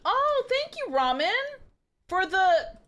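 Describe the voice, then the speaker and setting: A woman's voice: very high voice, very animated, slow pace, fairly bright tone. A woman streamer reading a story aloud and joking about it, giggly and self-mocking. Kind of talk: reading smut aloud with live commentary.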